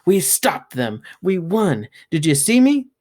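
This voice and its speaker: Man doing a shrill, bossy ten-year-old girl, high and insistent. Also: animated, moderate pace, lightly acted. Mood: excited.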